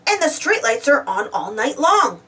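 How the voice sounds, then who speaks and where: A woman's voice: fairly high pitch, moderate pace, far from the mic. A woman voicing a jittery little female truck. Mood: excited. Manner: excitable, stammers when frightened. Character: jittery young female toy-like truck, easily scared.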